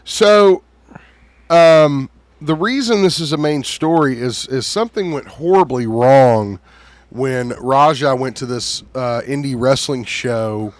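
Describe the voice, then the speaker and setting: A man co-hosting a casual podcast chat, blunt and animated, swearing freely. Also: medium pitch, slow pace, no echo. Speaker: podcast co-host.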